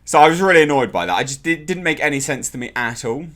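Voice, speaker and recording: A young man giving a casual, exasperated spoken review of a TV episode, ranting in an animated way. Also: fairly high pitch, quick pace.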